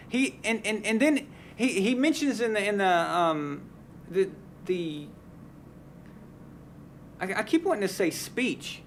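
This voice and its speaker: There's a little hiss or hum as a sports talk show host with a high, expressive voice speaks slowly, leaving long pauses. On his casual live stream he offers blunt, heated opinions and frequently starts sentences over.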